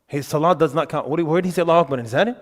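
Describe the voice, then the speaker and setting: A man's voice: a little high, racing. A young man giving an emphatic, conversational religious lesson in a mosque, with frequent filler words. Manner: animated, emphatic. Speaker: religious teacher. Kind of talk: lecture on worship. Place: mosque hall. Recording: reverberant mosque hall.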